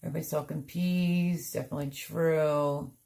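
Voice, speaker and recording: Low-voiced middle-aged lady chatting on a garden stream, rambly, lots of um and like, kinda tired. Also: fairly even intonation, moderate pace, vocal fry, warm tone. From Pennsylvania. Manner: rambling, chatty, many fillers and restarts. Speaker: gardening livestream host. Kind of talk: casual live-stream chat reading comments.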